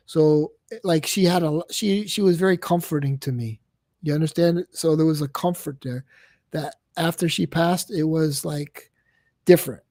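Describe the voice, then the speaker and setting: A man's voice: a little high, darkish tone, no echo, clean studio sound. A man talking heatedly about a personal hurt, swearing a lot and repeating himself. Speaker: streamer guest. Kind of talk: emotional casual talk on a livestream.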